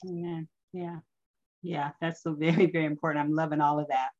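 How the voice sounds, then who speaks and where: Low-voiced woman on muffled lo-fi audio. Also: little pitch movement, normal speed, darkish tone. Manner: affirming, many "you know" fillers. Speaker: podcast co-host. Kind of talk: casual wellness chat.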